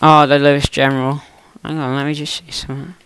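A man's voice: a little high, flat delivery, fast talker, fairly bright tone, clear, resonant tone. A young man talking to himself in a chatty, teasing way while commentating his own gameplay on a close mic. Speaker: gaming YouTuber.

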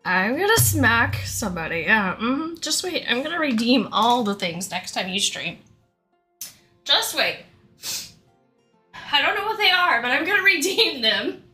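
A woman's voice: high-pitched, big pitch swings, a little slow, sharp tone, faint music behind. A woman streamer chatting casually on a livestream, giggling often and a little out of breath. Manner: giggly, laughs often between words.

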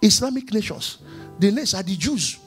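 A man's voice: sits high, animated, moderate pace, husky, soft background music. Emphatic preaching man. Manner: emphatic, repetitive preaching with sudden swings in loudness. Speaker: pastor. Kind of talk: sermon.

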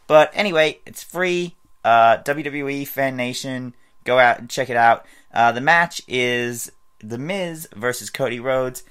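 A man talks to camera in a casual predictions vlog at an ordinary middle pitch. He rambles from point to point, trailing off and restarting with plenty of fillers along the way. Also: measured pace, a bit bright, smooth. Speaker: wrestling fan vlogger.

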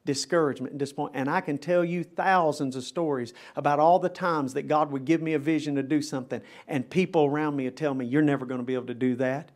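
A man's voice: a little high, fairly even intonation, quick pace, few pauses. A middle-aged man, a pastor, preaching a live chapel sermon in an emphatic, dramatic style that builds in intensity. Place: chapel service.

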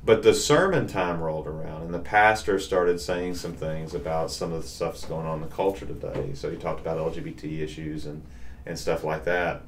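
A Southern man in his forties, a pastor co-hosting a podcast, telling family stories in a lively, drawling way. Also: very deep voice, fairly quick, a little hiss or hum. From Southern US, Nashville. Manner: animated storyteller with a Southern drawl. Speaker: pastor, co-host. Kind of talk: casual chat, storytelling.

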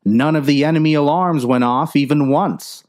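A woman voicing an earnest, nervous male sailor sidekick in a low, plodding voice. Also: moderate pace, darkish tone, lightly acted. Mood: worried.

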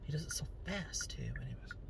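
A man's voice: a little high, expressive, brisk, vocal fry, in a whisper. A male podcast host rambling through a casual, self-deprecating monologue while driving, often trailing off and restarting. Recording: distant mic with loud road noise.

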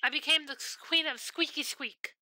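A woman's voice: high-pitched, normal speed, sharp tone, dry recording. A woman streaming a game, chatting casually and telling rambling, profane stories.

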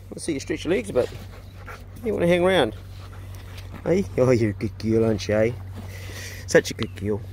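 A middle-aged New Zealand man with a somewhat high voice, a farmer and pig hunter, chats casually for his vlog while tending his dogs. He's outdoors by the kennels on a rural farm, relaxed and talkative, coaxing the dogs fondly.

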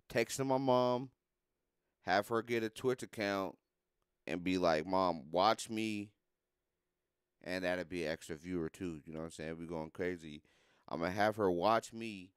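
A young man on a live stream, freestyle rapping and fussing over his audio, cursing and swinging between loud outbursts and low mutters. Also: smooth, dry recording, clean studio sound. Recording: faint music behind voice. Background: beat music playing.

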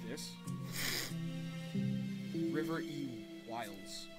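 A let's play host with a medium-pitched voice and drawn-out words plays through a story game while commenting on it. He jokes around and pokes fun at himself in self-mocking asides, with game music playing behind his voice.

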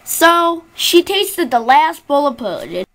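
A high, bouncy young female voice reads a children's fairy tale slowly and carefully. Her pitch swoops up and down in a sing-song storytelling way, with the odd small stumble over a word. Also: big pitch swings, a bit bright. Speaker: narrator. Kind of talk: reading a storybook aloud.

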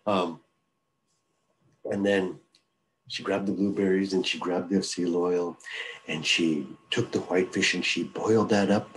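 A man's voice: deep voice, fairly even intonation, unhurried, long pauses, a little hiss or hum, low-quality recording. A man telling a traditional folk tale in a loose, repetitive, conversational style. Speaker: storyteller. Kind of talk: oral traditional storytelling.

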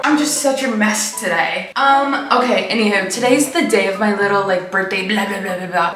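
A woman's voice: mid-range voice, a bit bright. A woman in her twenties chatting to the camera in a casual home vlog, bubbly and self-mocking, with lots of "like". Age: 20s. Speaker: vlogger. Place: at home, indoors. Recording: roomy sound with music behind. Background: background music.

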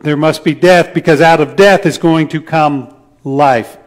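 Midwestern male pastor, slightly higher voice, earnest sermon delivery with emphatic swells and soft endings. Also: unhurried. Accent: Midwestern American.

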